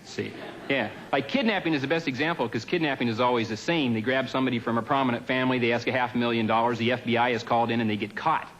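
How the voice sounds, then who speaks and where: A man's stand-up routine on a TV studio stage comes across dry and deadpan, built on observation and casual asides. He talks at a quick pace with a medium pitch. The audio is lo-fi.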